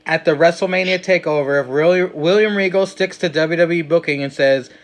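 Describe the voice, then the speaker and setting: A man's voice: a little high, a little fast, few pauses. A man hosting a casual podcast, teasing his guest and posing questions. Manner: playful, teasing, asks questions. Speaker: podcast host.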